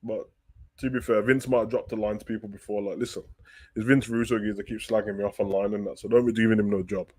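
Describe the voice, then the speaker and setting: A man hosting a live wrestling talk stream, reading viewer questions aloud and answering them in loose, slangy, animated chat. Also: fairly low pitch, fast. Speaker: wrestling talk show host.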